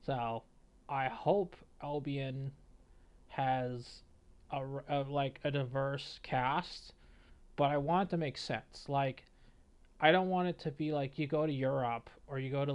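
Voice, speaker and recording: A man's voice: medium pitch, a little mellow, clear, resonant tone. A man giving an opinionated reaction commentary on a game, rambling with many fillers. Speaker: gaming video creator.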